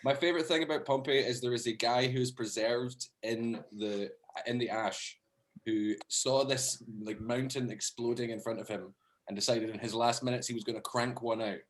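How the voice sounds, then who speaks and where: A male comedian playing in a game show, speaking at a middle pitch. He picks categories in a short, quick way and laughs through his own crude stories. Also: steady tone. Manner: giggly, crude storytelling. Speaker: comedian contestant. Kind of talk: casual comedic banter.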